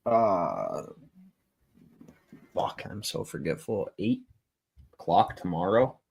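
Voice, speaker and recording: A man's voice: low voice, sing-song, slow, creaky, darkish tone, slight background noise. A man co-hosting a casual podcast chat, cursing a lot, joking around and admitting he is forgetful. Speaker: podcast co-host.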